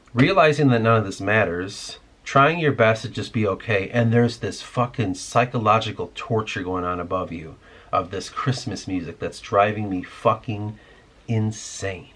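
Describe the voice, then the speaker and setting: A man's voice: medium pitch, fairly bright tone. A man hosting a podcast, delivering a rambling, irritated, profane rant in casual talk. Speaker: podcast host.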